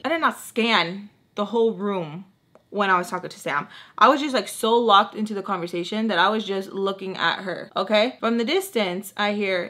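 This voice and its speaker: A woman's voice: mid-range voice, normal speed. A young woman telling a storytime on her vlog in a casual, sassy way, acting out what others said to her. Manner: sassy, animated, acts out quoted dialogue. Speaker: beauty vlogger.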